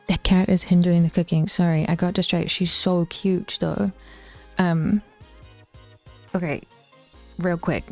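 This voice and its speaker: A woman's voice: lowish voice, steady tone, measured pace, pauses often, darkish tone, faint music behind. Chatty, swearing New woman streamer. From New Zealand. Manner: chatty, swears often, drops into whispers, laughs a lot. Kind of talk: casual live-stream chat.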